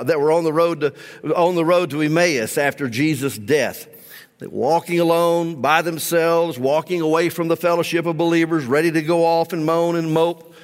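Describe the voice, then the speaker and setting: A pastor preaching in a reverberant church. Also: male voice, on the high side. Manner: rallying the congregation into call-and-response; reflective, asking searching questions. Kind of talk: sermon. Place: large church sanctuary. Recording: long church hall reverb.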